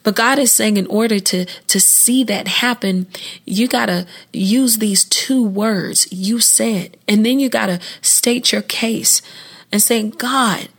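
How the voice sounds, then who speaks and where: An earnest woman delivers an informal devotional, her voice in the middle of the usual range for a woman. She keeps it chatty, restarting phrases and laughing now and then, and her pitch leaps up suddenly when something excites her. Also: a little slow. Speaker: podcast host and devotional speaker.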